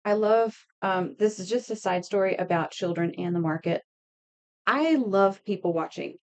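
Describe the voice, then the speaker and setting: A woman in her thirties with a medium-pitched voice and moderate pace chats with viewers while making earrings on a live stream. This craft streamer tells stories, laughs, and reads and answers the chat.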